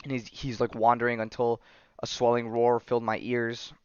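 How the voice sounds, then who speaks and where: A man's voice: medium pitch, monotone, normal speed, clean tone, dry recording. A man hosting a podcast, casually recapping a comic book in a rambling way, full of fillers and tag questions. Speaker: podcast host. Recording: slightly dull dry recording.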